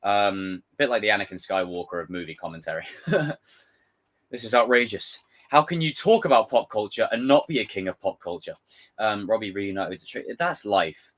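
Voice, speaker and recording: A young man passionately breaking down a trailer for his viewers, excitable and swearing freely. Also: medium pitch. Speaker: pop culture commentator.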